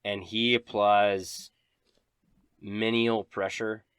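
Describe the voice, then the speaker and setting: A man runs a tabletop game as game master in a deep, low voice. He narrates scenes in a descriptive, dramatic way. The recording is dry and close. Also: flat delivery, very slow, fairly bright tone, smooth, dry recording.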